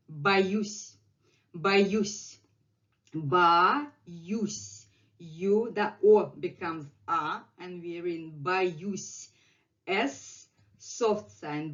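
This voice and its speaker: Middle-aged Russian-accented woman, patient teacher, very slow and repetitive delivery, muffled lo-fi sound. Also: mid-range voice. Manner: patient, repeats words slowly for learners. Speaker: language teacher. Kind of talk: language lesson.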